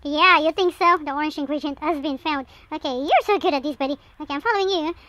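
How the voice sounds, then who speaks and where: Very high, bright, excitable young-sounding gamer. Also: female voice, quick pace, no echo. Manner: excitable, frequent gasps and shrieks. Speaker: gameplay commentator. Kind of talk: excited let's-play commentary.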